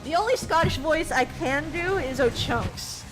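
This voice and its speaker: A woman's voice: high voice, expressive, measured pace. A woman commentating on a live gaming stream in a jokey, self-deprecating way. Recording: game music behind.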